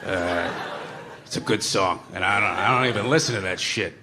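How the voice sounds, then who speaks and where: A sheepish old grandfather, as a man puts him on mutters low apologies in a deep, sunken voice. The live stage recording carries clear noise underneath. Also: normal speed.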